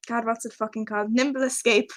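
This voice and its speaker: A woman playing a tabletop game, chatty with quick giggly asides. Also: fairly high pitch, steady tone, no echo. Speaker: player. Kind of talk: casual tabletop play.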